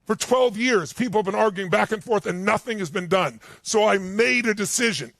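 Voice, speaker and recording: A man acts out a decisive army general who gives orders in short, matter-of-fact sentences. The voice is fairly high for a man. It sounds dry and close. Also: normal speed, gravelly, a bit bright, dry recording.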